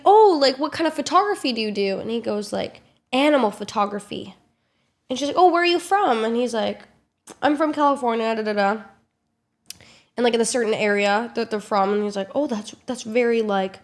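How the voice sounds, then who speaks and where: A young woman streamer telling a story in a casual vlog, quick and animated, full of fillers and swearing, acting out what others said. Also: on the high side. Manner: animated, swearing, filler-heavy, acts out quotes.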